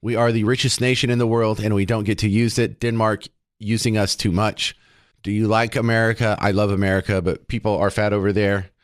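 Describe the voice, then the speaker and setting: Joking talk radio host, dry studio. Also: male voice, on the low side, flat delivery, brisk, dry recording. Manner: jokey, sarcastic, rambling. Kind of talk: casual opinionated radio talk.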